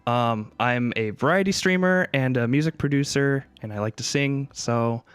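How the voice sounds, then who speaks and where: A man's voice: medium pitch, normal speed, clean tone, dry recording. A man who is a streamer, chatting in a friendly, slightly hesitant way with a few ums. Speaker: variety streamer and music producer. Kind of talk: casual group chat.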